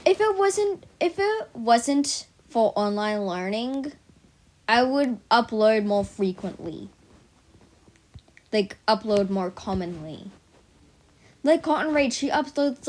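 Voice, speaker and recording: A teenage girl rambling casually to her viewers in a silly, chatty vlog, full of "like" and tangents. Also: mid-range voice. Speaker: vlogger.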